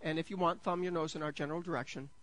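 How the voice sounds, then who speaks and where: A man, preaching a sermon as pastor. He is jokey and self-deprecating, stumbles over restarts, and builds to excited peaks. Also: on the high side, very fast, poor audio.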